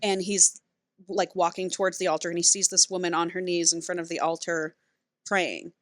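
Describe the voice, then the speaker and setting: A woman's voice: fairly low pitch, moderate pace, dry recording. A woman co-hosting a podcast, casually retelling a romance novel's plot and acting out the characters' lines. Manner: animated storyteller who acts out characters' lines. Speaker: podcast co-host.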